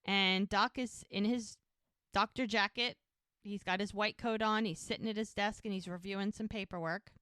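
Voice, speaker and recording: A woman's voice: medium pitch, moderate pace, clear, resonant tone, no room sound. Woman podcaster, dry close sound. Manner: animated retelling with quoted dialogue. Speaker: podcast co-host. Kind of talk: casual episode recap.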